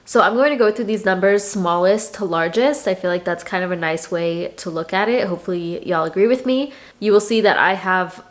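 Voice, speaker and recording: A woman's voice: medium pitch, brisk, hardly any pauses. A woman with a stuffy nose from a cold, talking casually to camera as a personal finance vlogger and restarting her sentences as she thinks aloud. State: congested from a cold.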